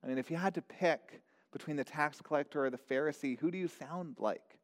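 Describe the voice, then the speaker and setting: A man's voice: fairly high pitch, fairly quick. Earnest male preacher in a reverberant hall. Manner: earnest, repeats words, asks searching questions. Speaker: pastor. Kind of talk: sermon.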